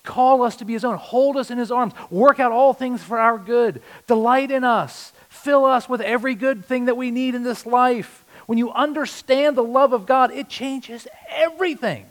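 A man preaches with a notably high voice. He swings between loud, punchy lines and quiet, earnest ones. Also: moderate pace, hardly any pauses. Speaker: pastor. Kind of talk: sermon.

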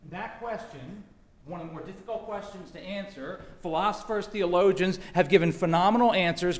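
A man with a fairly high voice delivers a sermon from the pulpit. He speaks earnestly and builds to impassioned, questioning outbursts. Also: echoey room. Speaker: pastor. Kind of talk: sermon with opening prayer.

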